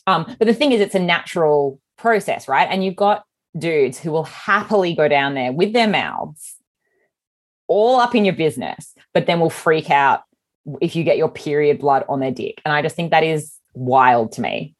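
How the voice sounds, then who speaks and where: An Australian woman co-hosting a casual podcast chat. Her voice sits very low for a woman, and she talks frankly and with animation, often circling back to restart a thought. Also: expressive, normal speed. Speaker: podcast co-host.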